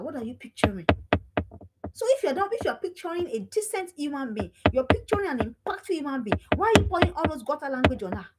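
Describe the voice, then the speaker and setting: A middle-aged woman, coaching parents in an emphatic, repetitive, scolding way. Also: sits high. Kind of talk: motivational talk to parents. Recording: loud background noise.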